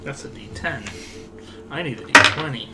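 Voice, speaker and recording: A man's voice: fairly high pitch, normal speed, bright, forceful tone, soft background music. A man chatting casually as a player at a tabletop game.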